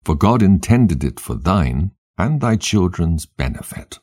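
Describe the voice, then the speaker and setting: A man voices a dying old patriarch who gives his sons a grave last charge. The voice is deep, dark and husky. The reading is unhurried and solemn, a storybook scripture reading. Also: very animated, full character voice. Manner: solemn, measured exhortation.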